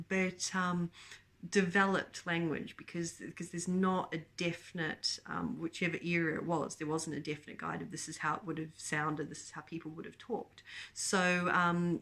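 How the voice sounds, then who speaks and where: A woman's voice: fairly low pitch, fairly bright tone. A woman, chatting casually about books to camera, rambling with many ums and frequent laughs. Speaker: book vlogger. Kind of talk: casual book chat to camera.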